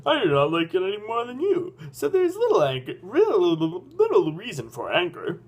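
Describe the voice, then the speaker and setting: A man's voice: high voice, huge pitch swings, normal speed, lo-fi sound, voice pushed up, full character voice. A man voicing a serious young male apprentice guard who speaks in a stiff, formal way in a story game.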